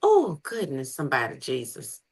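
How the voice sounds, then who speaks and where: A woman's voice: rumbling low, wildly swooping pitch, normal speed, vocal fry, darkish tone, husky. A woman co-hosting a casual talk show, teasing and scolding the men in an exasperated way. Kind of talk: casual banter.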